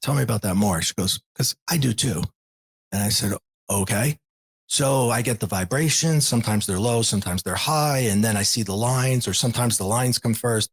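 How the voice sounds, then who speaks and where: A man in his forties, a podcast guest, candidly retelling a personal story with lots of quoted dialogue in a husky voice. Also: lowish voice. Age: 40s. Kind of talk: storytelling in an interview.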